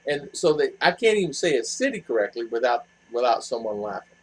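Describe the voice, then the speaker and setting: An expat living in the Philippines hosts a casual live chat as a vlogger, answering viewer messages in a rambling way full of fillers and restarts. His medium-pitched voice swings widely in pitch, moves at a brisk clip, and sounds slightly rough on a rough recording.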